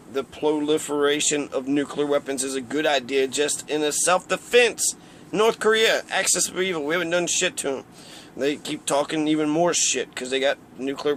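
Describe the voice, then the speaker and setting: A man's voice: a little high, fairly bright tone, a little hiss or hum. A man giving a casual, heated political rant, rambling and swearing often. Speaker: political commentator.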